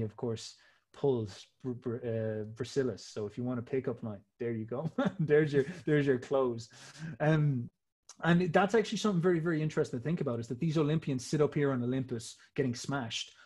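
A man's voice: medium pitch, normal speed, a little mellow, breathy edge. A man explaining ideas in a rambling casual talk, swearing freely and restarting sentences often. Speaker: podcast host.

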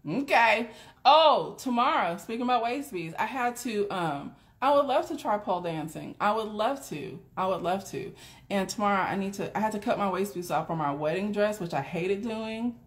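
On her casual live stream, the doula addresses viewers head-on, cursing freely and breaking into laughter often as she chats. Her mid-range voice is animated and moves at a normal speed.

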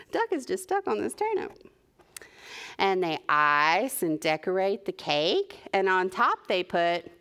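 Slow, animated woman reading to preschoolers. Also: lowish voice. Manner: animated, warm sing-song for young children. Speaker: children's librarian. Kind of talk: preschool story time reading.

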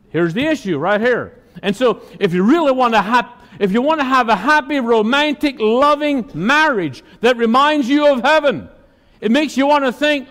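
Male pastor, high voice, emphatic call-and-response sermon, long hall reverb. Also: lively intonation, normal speed, fairly bright tone. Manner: emphatic preaching, asks the congregation questions.

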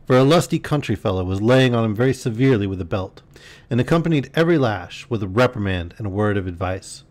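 A man reading a classic novel aloud as a bedtime story on a live stream, calm and measured. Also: fairly low pitch. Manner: calm, measured reading with brief asides to chat.

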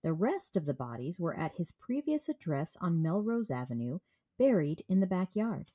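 A woman's voice: lowish voice, sing-song, normal speed, mellow. A woman with a cold co-hosting a true crime podcast, reading case notes and adding dry jokes. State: has a cold. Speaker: podcast co-host. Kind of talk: casual true crime chat.

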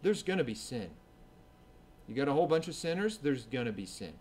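A man preaching a sermon as pastor at a church service, earnest and swinging between emphatic and hushed delivery. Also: medium pitch, big pitch swings, a little fast, a little hiss or hum.

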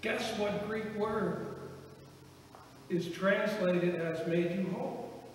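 Man, pastor, high voice, slow sermon delivery, echoey hall, distant mic. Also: steady tone, slight background noise. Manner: storytelling, acts out quoted voices. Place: church sanctuary. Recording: echoey church hall from far off.

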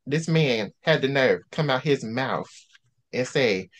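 Animated man ranting about a book. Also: medium pitch, unhurried. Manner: animated, ranting, preacherly outbursts. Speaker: book discussion host. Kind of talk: casual book chat.

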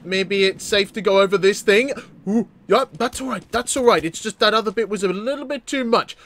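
Casual gameplay commentary comes from a young gaming YouTuber whose voice is high and bright. His narration is loose and jokey, and as the action unfolds he gets excited fast, tripping into stammered restarts.

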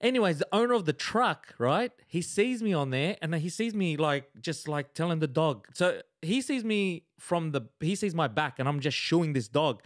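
A man, co-hosting a casual chat and telling an animated story, checking in with "right?" as he goes. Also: a little high, moderate pace, hardly any pauses, dry recording, studio quality. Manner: animated anecdotes full of "right?". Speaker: podcast co-host.

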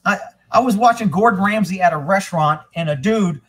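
A man hosting a casual live stream, rambling and swearing freely, getting animated when he retells a story. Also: sits high, fairly quick. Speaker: livestream host. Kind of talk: casual livestream chat.

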